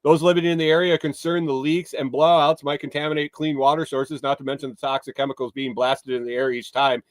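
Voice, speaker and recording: A man's voice: medium pitch, flat delivery, fast talker, no room sound. A man hosting a morning livestream, reading news stories aloud and breaking off into sarcastic, rambling asides with some swearing. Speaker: livestream morning show host. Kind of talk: casual news commentary.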